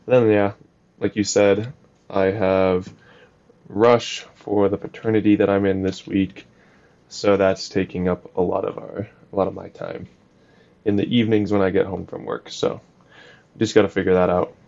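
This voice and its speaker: A young man co-hosting a casual podcast chat, speaking in an even, flat tone that hides his jokes. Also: deep voice, normal speed, creaky, dull audio. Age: young adult. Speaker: podcast co-host.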